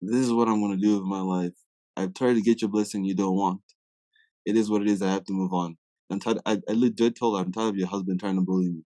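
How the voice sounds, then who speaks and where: A man's voice: on the low side, steady tone, quick pace, warm tone, no room sound. A young man from Africa, a podcast guest, telling a story in a casual way. He acts out quoted dialogue and often uses "like" as a filler.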